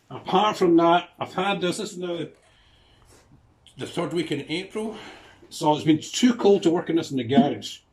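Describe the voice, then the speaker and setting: A man with a Scottish accent, chatting casually about his classic car projects in his garage and telling rambling anecdotes. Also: medium pitch. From Scotland. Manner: chatty storytelling, rambling asides. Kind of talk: casual walkaround narration.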